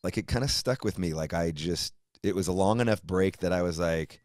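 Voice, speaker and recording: A man's voice: deep voice, brisk, dry recording, clean studio sound. A middle-aged man hosting a podcast, talking casually, swearing a lot and acting out people in mocking voices. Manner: profane, animated, mimics people in put-on voices. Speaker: podcast host. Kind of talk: casual conversation.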